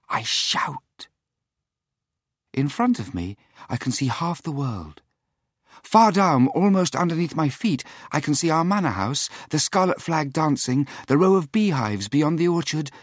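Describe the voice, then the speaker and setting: A man reads a story aloud in a slightly husky voice. His pitch moves a lot as he tells it, lilting and expressive. The sound is dry and close. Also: dry recording. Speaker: narrator. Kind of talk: storybook reading.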